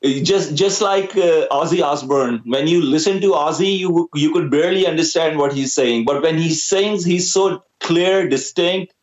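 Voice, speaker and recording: Young Pakistani-accented man, Urdu native, musician guest; slightly high voice, hesitant, echoey muffled audio. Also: normal speed, hardly any pauses. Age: young adult. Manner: hesitant, many uh fillers. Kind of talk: casual interview talk.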